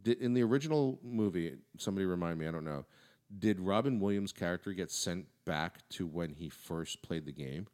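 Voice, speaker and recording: A man on a casual podcast who argues his points in a halting way, often restarting his sentences. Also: deep voice, a little mellow. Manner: halting, full of restarts, argumentative. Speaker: podcast co-host. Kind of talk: casual chat.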